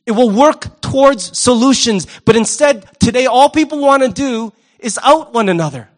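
A male pastor preaching a sermon in an animated, wry way, often jumping into quoted voices. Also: very high voice, moderate pace.

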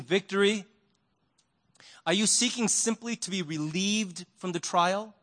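High-voiced man preaching a sermon. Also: fairly bright tone. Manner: conversational storytelling with rhetorical questions. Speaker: pastor.

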